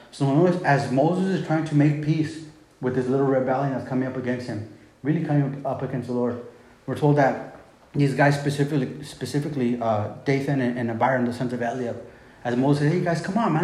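A man's voice: medium pitch, fairly quick, a little mellow. Guy preaching, reads scripture then retells it all casual, roomy echo. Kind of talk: sermon.

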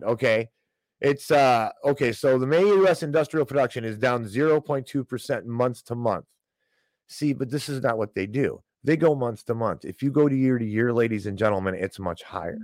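A man's voice: mid-range voice, no room sound. A man hosting a financial news show, giving sarcastic, ranting commentary on economic headlines and peppering it with "okay?" asides.

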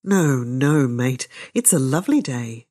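A woman voicing a wary, scheming middle-aged detective who mutters gruffly to himself. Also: rumbling low, animated, a little slow, mellow, full character voice. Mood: soothing.

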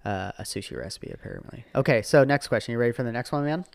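Middle-aged father, podcast host, rambling and chatty, mid-pitched, dry close sound. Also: fast talker, gravelly, no echo. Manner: rambling, animated, frequent fillers and restarts. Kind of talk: casual podcast chat.

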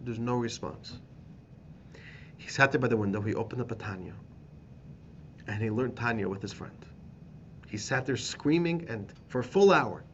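A man, a rabbi teaching a class, telling a story with animated emphasis and repeated phrases. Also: mid-range voice, highs cut off, slight background noise. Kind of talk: storytelling lesson.

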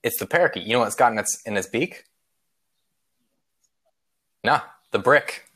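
A man's voice: medium pitch, expressive, normal speed, fairly bright tone, a little hiss or hum. A man hosting a podcast, telling a long joke in loose, rambling casual chat with frequent swearing and filler. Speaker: podcast host.

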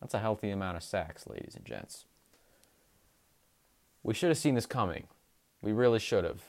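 A young man hosting a sports podcast, recapping games in an enthusiastic, emphatic way with drawn-out stresses. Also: on the low side, expressive, darkish tone.

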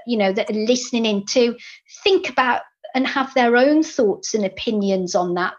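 A woman's voice: on the high side, muffled recording. A woman in a casual chat who reflects on what she hears and encourages the other speaker.

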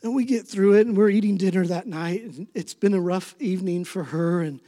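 A middle-aged man preaching a sermon as pastor, swinging between soft, tender passages and emphatic, rising appeals. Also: sits high, a little fast. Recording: long reverb of a large hall.

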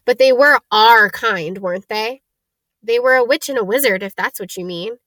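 Lady reading snooty drawling kid, haughty, highish voice. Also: moderate pace, fairly bright tone, dry recording, lightly acted. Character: snobbish pale drawling boy. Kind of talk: read-aloud storybook voice.

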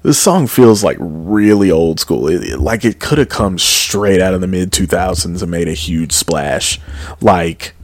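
Low-voiced man rambling through a music review. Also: animated, unhurried, dry recording. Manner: rambling, with frequent fillers and self-corrections; enthusiastic about the music. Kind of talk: casual album review.

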